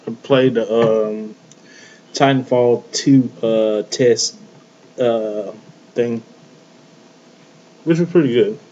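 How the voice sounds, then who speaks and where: A man's voice: medium pitch, slow pace, long pauses, warm tone. A man hosting a casual wrestling podcast, talking loosely with lots of fillers. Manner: loose, rambling, many fillers. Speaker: podcast host. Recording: dull lo-fi online call audio with light hiss.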